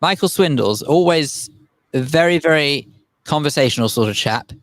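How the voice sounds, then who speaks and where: A man's voice: on the high side, lively intonation, moderate pace, no echo. A man co-hosting a casual radio chat show, wry and conversational.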